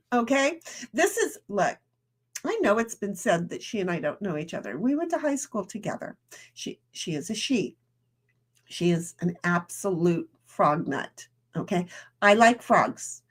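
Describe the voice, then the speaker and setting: Casual streamer woman, high voice, rambling chat, reads comments out, eats while talking. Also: expressive, measured pace. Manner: talks while eating.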